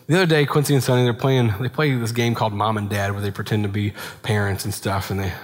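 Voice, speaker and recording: A man in his thirties preaching a sermon in a relaxed, conversational way, full of asides and rhetorical "right?" checks. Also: on the low side, quick pace. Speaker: pastor. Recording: long hall reverb.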